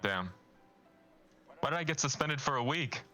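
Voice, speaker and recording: A man's voice: mid-range voice, expressive, normal speed, pushed and bright, faint music behind. A young man from North Carolina co-hosting a podcast, chatting casually and teasing his friends. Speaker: podcast co-host. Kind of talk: casual chat.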